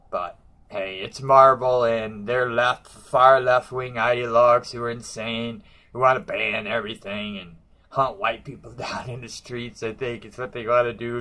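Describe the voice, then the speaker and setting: A man's voice: mid-range voice, fairly bright tone. A man ranting casually about comic books in a brash, profane, mocking way. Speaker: comic book reviewer.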